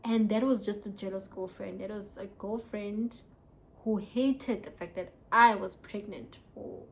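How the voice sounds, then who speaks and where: Slightly slow and medium-pitched, this young woman is vlogging casually after a few drinks. Between viewer questions she spins lively stories, chatting away in a blend of English and local words.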